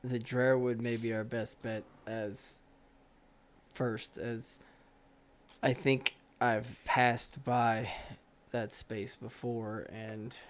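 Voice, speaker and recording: A man playing a tabletop game, teasing the game master and talking bluntly through the plan. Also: mid-range voice. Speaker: player. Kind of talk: casual tabletop play chat. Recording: slightly dull mic with faint hiss.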